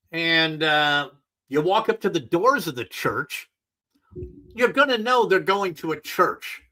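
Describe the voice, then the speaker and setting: Man, middle-aged, solo podcast rant, sarcastic and profane, bright forceful tone, slightly high voice. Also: rough recording. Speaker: podcast host.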